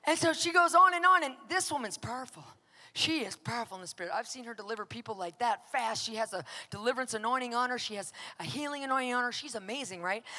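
A woman preaching, telling a story with lively acted-out dialogue that swings from whispers to shouts. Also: on the high side, big-room sound. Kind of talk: sermon storytelling.

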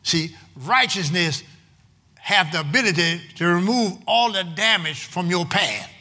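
A man preaching a sermon as pastor, calling out to his congregation and stretching out emphatic, shouted lines. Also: sits high, expressive, measured pace. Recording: long hall reverb, faint room noise.

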